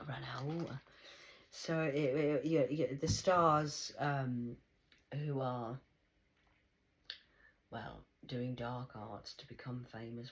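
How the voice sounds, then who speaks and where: A woman giving a rambling spiritual monologue, swinging between loud exclamations and soft whispers. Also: rumbling low, fairly even intonation, slow pace, pauses often, rough recording. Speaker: spiritual vlogger.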